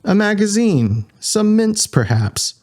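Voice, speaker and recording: Mocking sarcastic guy on comms, man doing it, high pitched, audiobook. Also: steady tone, normal speed, creaky, a little mellow, clean tone.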